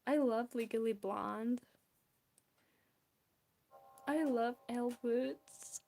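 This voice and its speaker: A woman's voice: a little high, extremely slow, vocal fry, pauses often, a little mellow. A young woman from Belarus with a Belarusian accent, chatting casually and giggling with viewers while drawing on a stream. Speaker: art streamer.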